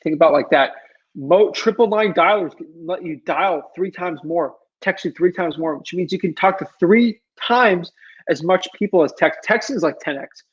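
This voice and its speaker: A man's voice: sits high, normal speed, breathy edge, lo-fi sound. A man hosting a casual livestream Q&A, rambling and pleading, with many ums and restarts. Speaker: livestream Q&A host.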